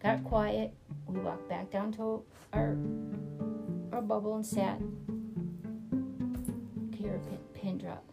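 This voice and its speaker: A woman in her fifties from the US East Coast, a retired corrections officer telling blunt, animated stories with swearing. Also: medium pitch, slow pace, gravelly, long pauses. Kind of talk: casual storytelling interview. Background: guitar music.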